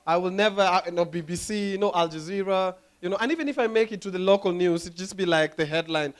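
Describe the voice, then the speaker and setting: A young man from Kenya, doing an animated stand-up comedy routine on stage, often dropping into silly voices and impressions. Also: sits high, a little fast. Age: young adult.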